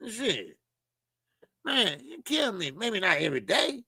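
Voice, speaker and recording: Loud, gravelly, high-voiced man ranting. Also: slow, pauses often, dry recording. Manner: loud, animated, profane, mimics people mockingly. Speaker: boxing channel host. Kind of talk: casual commentary monologue.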